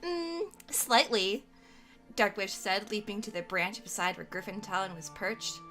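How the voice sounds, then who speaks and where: A woman's voice: mid-range voice, fairly even intonation, normal speed, bright, forceful tone, soft background music. A young woman from Canada playfully reading aloud her own old role-play narration.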